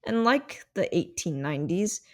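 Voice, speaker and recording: A woman's voice: lowish voice, lively intonation, normal speed. A woman hosting a solo podcast, explaining ideas in a reflective, thinking-aloud way. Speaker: podcast host.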